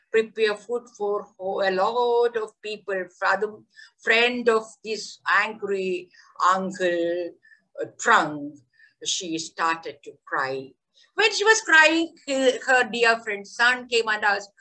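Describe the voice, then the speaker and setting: A woman teacher leading an online workshop on theatre in education, telling a story in an enthusiastic, animated way over a video call. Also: mid-range voice, takes it slowly, low-quality recording.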